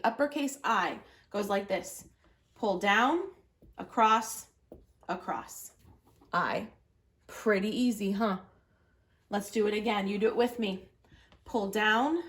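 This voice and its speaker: A woman teaching a children's reading lesson, patiently walking young learners through writing letters and saying their sounds. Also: mid-range voice. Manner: encouraging, patient, prompting the viewer to repeat. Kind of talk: early literacy lesson, guiding children through letter formation.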